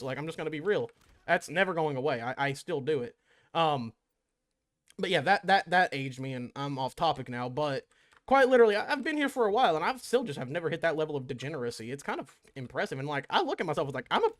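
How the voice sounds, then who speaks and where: A man's voice: fairly high pitch, fairly bright tone. A young man ranting casually about gaming community drama, profane and exasperated, rambling with frequent restarts. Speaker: gaming YouTuber. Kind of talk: casual commentary rant.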